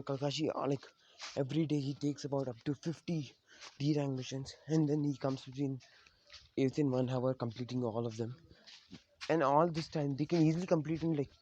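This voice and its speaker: A man's voice: medium pitch, a little mellow, a little hiss or hum. Rambling man retelling a fan story. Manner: rambling, self-correcting.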